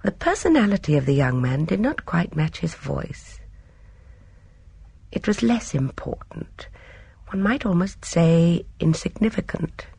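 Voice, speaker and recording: Woman reading a story, husky gravelly voice, dry close sound. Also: on the low side, big pitch swings, a little mellow, no echo. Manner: measured storytelling. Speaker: audiobook narrator. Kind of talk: scripted narration.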